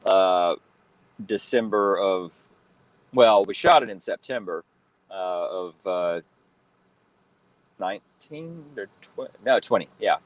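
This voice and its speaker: A man in his thirties, a guest telling stories in a relaxed interview, rambling with lots of fillers and restarts. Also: lowish voice, slow pace, long pauses, no echo, poor audio. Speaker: guest, fan-film actor and cosplayer. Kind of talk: casual interview chat.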